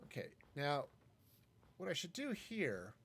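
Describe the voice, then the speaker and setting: A man's voice: on the high side, wildly swooping pitch, unhurried, fairly bright tone, husky. A man casually talking through a live game stream, wry and self-mocking as he rambles. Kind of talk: casual gameplay commentary.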